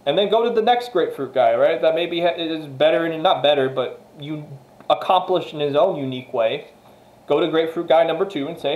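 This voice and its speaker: A motivational vlogger with a slightly high voice speaks a bit fast in an echoey room. Addressing viewers directly in a casual monologue, he is emphatic and repetitive and swears freely.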